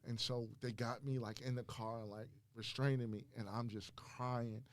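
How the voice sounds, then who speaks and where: A man from Maryland, a podcast guest, telling his personal faith testimony in an animated way, often restarting and repeating words. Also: medium pitch, moderate pace. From Maryland, USA.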